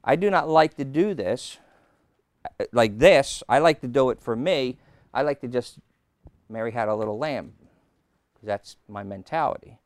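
A male preacher teaching a sermon, slow and emphatic, with sudden loud stresses on key words. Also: medium pitch, animated, no echo. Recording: old taped sermon.

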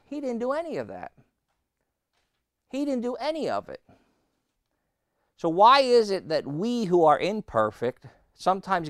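A man preaching a sermon, emphatic and repetitive, quizzing his listeners and slowing down to read scripture. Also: on the high side, fairly bright tone, no echo, studio quality. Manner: emphatic, repeating phrases and asking the congregation questions; slows right down on scripture quotes.

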